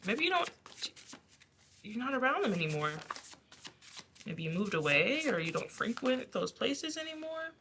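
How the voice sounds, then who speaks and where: A woman giving a casual tarot reading who talks in a rambling, chatty way, laughing often and filling pauses with "like". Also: fairly high pitch, big pitch swings, sharp tone, a little hiss or hum. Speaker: tarot reader. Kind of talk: casual pick-a-card reading.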